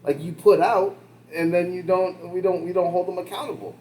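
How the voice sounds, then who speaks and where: A man's voice: high voice, steady tone, a little fast, a little mellow, a little hiss or hum, poor audio. A young man talking casually as a podcast host, rambling with lots of fillers and the odd curse word. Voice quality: rambling, full of fillers and swearing. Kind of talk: casual chat.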